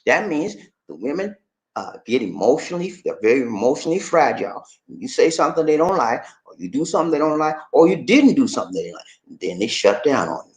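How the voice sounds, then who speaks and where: Host, middle-aged American man, loose and jokey delivery, very lively pitch. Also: brisk. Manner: animated, jokey, swings into high excited voice. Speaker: channel host. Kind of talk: casual talk to camera.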